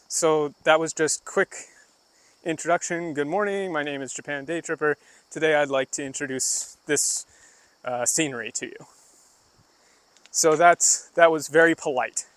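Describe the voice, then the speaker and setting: Walking along a rural path by the woods, a man livestreams and answers his chat in a chatty, loose way, demonstrating Japanese phrases as he goes. His voice is a little high, a bit bright, clear and resonant, at normal speed. Insects and crickets chirp in the background.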